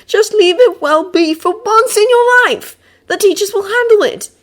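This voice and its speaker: Woman reader's boy wizard: high-pitched, exasperated, dry and cutting. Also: moderate pace. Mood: alarmed. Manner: sardonic, exasperated, groaning. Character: sharp-tongued exasperated schoolboy wizard. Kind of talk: fan audiobook character voice.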